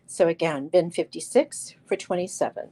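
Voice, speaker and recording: A woman's voice: on the low side, normal speed, background noise. A woman hosting a live crystal sales show, talking chattily with lots of fillers and restarts, calling out viewers by name. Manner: addresses viewers by name while showing stones. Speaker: live sale host.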